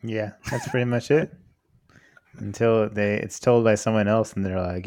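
A man co-hosting a casual podcast, talking haltingly with frequent restarts. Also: fairly low pitch, fairly even intonation, darkish tone. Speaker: podcast co-host. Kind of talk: casual group chat.

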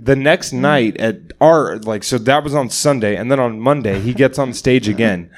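A man at an average pitch, co-hosting a loose podcast. He tells stories in a rambling way, swears freely and fills the gaps with "like" and "uh". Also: normal speed. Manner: rambling storyteller, swears often, many fillers. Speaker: podcast co-host and stand-up comic. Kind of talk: casual chat.

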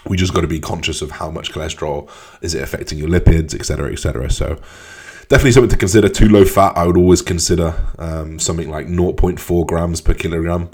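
A man's voice: low-pitched, steady tone, fast talker, darkish tone, breathy edge. A man hosting his own podcast, answering listener questions in a loose, frank way and swearing casually. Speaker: podcast host.

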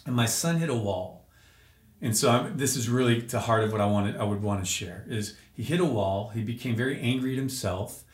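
A man's voice: medium pitch, a little fast. Man getting emotional telling his story on a podcast, mid voice, echoey room. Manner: earnest, emotional storytelling with restarts. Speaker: podcast guest. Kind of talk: personal testimony in an interview. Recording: roomy echo.

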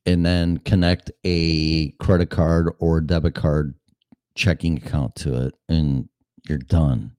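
Deep-voiced guy in his 50s rambling and swearing, dry close sound. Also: fairly even intonation, slow, a little mellow, no room sound. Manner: rambling, profane, blunt. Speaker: podcast host. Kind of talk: casual monologue.

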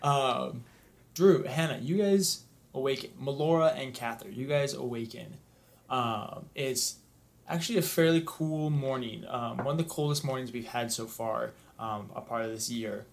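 A man running a tabletop game as game master. His narration is relaxed and casual and full of ums, in a mid-range voice. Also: medium pitch, normal speed, creaky.

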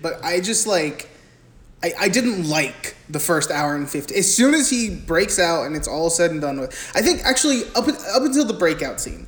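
Profane young man recapping a movie. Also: sits high. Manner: crude, profane, animated retelling with mimicked quotes. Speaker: podcast co-host. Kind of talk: casual movie podcast chat. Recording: echoey room with faint background hiss.

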